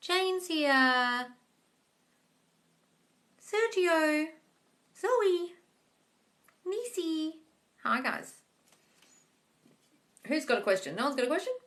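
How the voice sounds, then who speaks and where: A woman's voice: high voice, very animated, drawn-out words, pauses often, a bit bright. A woman hosting a live-stream Q&A as a manifesting coach, reading viewer comments aloud and replying bluntly, calling everyone darling. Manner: blunt, swears casually. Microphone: phone.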